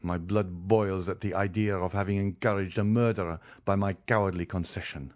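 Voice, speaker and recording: A man voicing an indignant doctor who speaks in a low, earnest voice. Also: steady tone, normal speed, a little mellow, close to an everyday voice. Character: indignant older male doctor.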